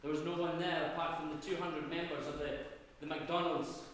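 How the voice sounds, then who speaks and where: A Scottish man giving a dramatic history lecture, swinging from loud emphatic bursts to low hushed asides, recorded in a university auditorium. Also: level tone, a little fast, very noisy. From Scotland. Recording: echoey hall, voice far from mic.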